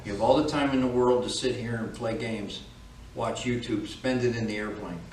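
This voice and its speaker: A man's voice: medium pitch, steady tone, moderate pace, a little mellow, a little hiss or hum. A man instructing flight students in a classroom, speaking in a firm, direct, lecturing manner. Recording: echoey room, from far off.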